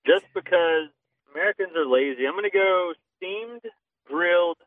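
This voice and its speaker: A man's voice: sits high, moderate pace, no echo. Southern man on a tinny line. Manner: blunt and joking, swears casually. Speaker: podcast co-host. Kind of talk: casual chat.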